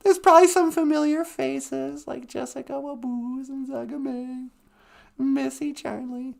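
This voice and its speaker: Live stream host, female: high, slow, gravelly, rambling comic chat. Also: fairly even intonation, a little mellow. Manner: rambling, joking, breaks into laughs and sung snippets. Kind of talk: casual comedic chat.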